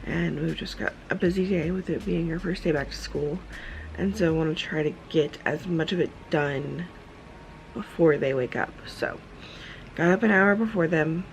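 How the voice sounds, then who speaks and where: A woman talks in a low, chatty ramble full of fillers, her voice tired and husky from just waking up. She is vlogging from a dim room at home, with faint noise behind her. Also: normal speed, low-quality recording. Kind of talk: casual vlog chat. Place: dim home room at a desk, early morning.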